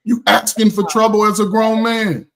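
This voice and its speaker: Blunt, laughing male panelist with a slightly high voice. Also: flat delivery, moderate pace, vocal fry, fairly bright tone, rough recording. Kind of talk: casual panel discussion.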